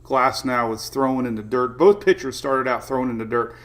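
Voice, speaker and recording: A man's voice: medium pitch, fairly quick, fairly bright tone. A man hosting a weather livestream in a casual, chatty way, greeting viewers by name and laughing often.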